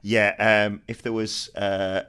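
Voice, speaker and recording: Slow, bright-voiced giggly man player. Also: lowish voice, flat delivery, clear, resonant tone. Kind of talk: tabletop role-play.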